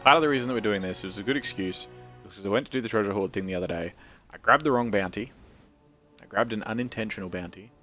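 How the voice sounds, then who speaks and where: A man's voice: lowish voice, fast, a bit bright, soft background music. A man streaming a video game, joking, rambling and reading game text aloud in casual commentary.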